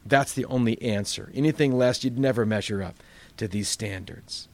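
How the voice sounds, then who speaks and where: A man's voice: mid-range voice, moderate pace, a little mellow. A male pastor teaching a Bible study in a conversational sermon style, full of rhetorical questions.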